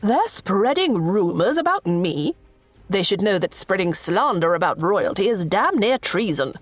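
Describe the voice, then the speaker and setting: A woman's voice: mid-range voice, big pitch swings, a little slow, no room sound, soft background music. A woman voicing an imperious, irritable queen. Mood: indignant. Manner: imperious, curt. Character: haughty, irritable middle-aged queen.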